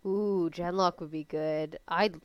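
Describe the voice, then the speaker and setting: A young woman in a casual podcast chat, chatty and excitable, talking with lots of fillers. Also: fairly low pitch, takes it slowly, clean tone, no room sound, dull audio. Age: young adult. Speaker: podcast co-host.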